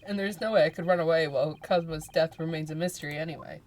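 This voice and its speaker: A woman's voice: low voice, quick pace, darkish tone, slight background noise. A woman streaming a video game, chatting casually and making dry, teasing remarks. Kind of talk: casual gaming commentary.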